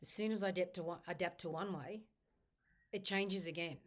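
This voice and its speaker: Low-voiced woman leading tapping affirmations. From Australia. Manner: slow repetitive affirmations, first person. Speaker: EFT tapping instructor. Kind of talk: guided tapping script spoken aloud.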